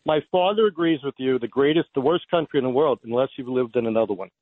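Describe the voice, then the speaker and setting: A man's voice: mid-range voice, fast talker, dry recording. A man phones in to a radio show and rambles along in a friendly way, often stopping to search for his words. His voice sits in a mid register. It comes through a thin, tinny phone line with no room sound. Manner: rambling, friendly, full of fillers. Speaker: caller.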